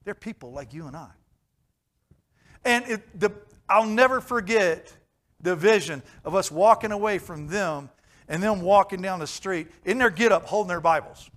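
A man delivers an informal sermon in an earnest, storytelling way. His voice sits a little higher than most men's, and he often stops to ask the congregation questions. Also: moderate pace, a bit bright. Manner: earnest, anecdotal, asks the listeners questions. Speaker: preacher.

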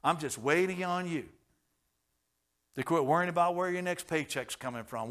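A man preaching a sermon, telling stories with folksy jokes and chuckles, swinging from hushed tones to loud, fervent passages. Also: on the high side, moderate pace, pauses often.

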